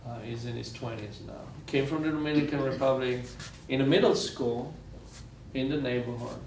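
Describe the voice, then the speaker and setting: A man's voice: medium pitch, normal speed, a little mellow, reverberant, slight background noise. A man from Israel giving a lecture, telling stories earnestly and repeating phrases for weight, recorded from far off in a university lecture room. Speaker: guest lecturer. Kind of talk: storytelling lecture.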